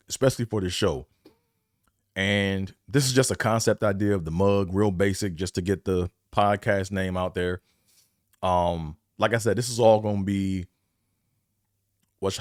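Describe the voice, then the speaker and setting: Rambling slangy man, low dry voice. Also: a little mellow, no room sound. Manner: rambling, repeats himself, talks up and down in bursts; slangy and conversational. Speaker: podcast host. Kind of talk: casual solo podcast talk.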